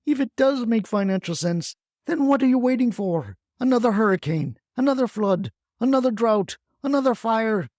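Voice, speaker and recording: A narrator putting on a fiery old grandma. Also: female voice, fairly high pitch, animated, moderate pace, a little mellow, no room sound, studio quality, pitched above the performer's own voice, natural voice. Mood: ranting. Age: older. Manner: brash, scolding, blunt swearing. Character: feisty retired grandmother, fiery solar crusader. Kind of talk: comic audio storytelling.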